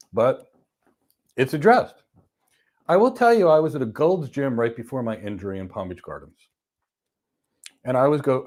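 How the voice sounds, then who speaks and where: A man co-hosting a podcast, talking in a measured, deliberate way and slowing down on emphatic phrases as he tells a story. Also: mid-range voice. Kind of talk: casual conversation, storytelling.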